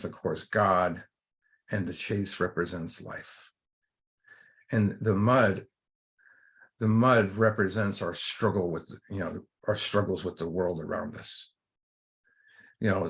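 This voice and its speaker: A man leading a recovery workshop, giving an informal spiritual talk in a rambling way, full of fillers and restarts. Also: lowish voice.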